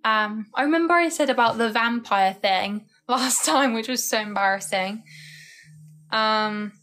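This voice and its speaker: A woman's voice: fairly high pitch, a little slow, fairly bright tone, faint music behind. A young woman chatting casually and rambling on a live stream, tired and full of "like" fillers. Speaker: livestreamer.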